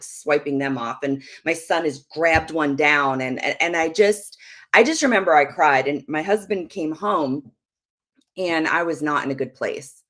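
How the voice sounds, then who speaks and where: A woman speaking at a Christian ministry about marriage, telling a personal story in a chatty, candid way with lots of "like" and "you know". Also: low-pitched. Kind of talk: personal storytelling on a live show.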